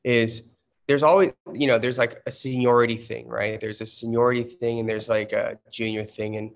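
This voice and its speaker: Man, thirties, casual livestream chat, rambling storyteller, lots of fillers, mid-pitched voice. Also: little pitch movement, normal speed, vocal fry. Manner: chatty storytelling, many fillers. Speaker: guest artist answering fan questions.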